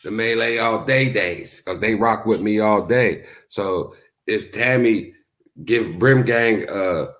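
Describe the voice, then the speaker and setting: Laid-back man chatting on a livestream. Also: slow. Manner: animated storytelling, acts out quotes in high voices. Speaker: YouTube streamer. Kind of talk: casual live-stream commentary.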